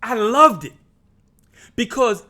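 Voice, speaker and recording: A middle-aged man from New Jersey recounts a personal story to his viewers. His voice sits high and swings widely, with a bright edge. He preaches more than he chats, repeating and restarting phrases and calling out to his brothers and sisters. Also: expressive, slow pace. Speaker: vlogger.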